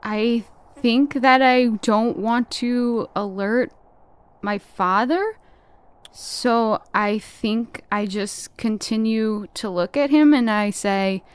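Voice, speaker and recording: A woman's voice: a little high, slow pace, clear, resonant tone. A woman playing a tabletop role-playing game, playful and giggly. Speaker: player.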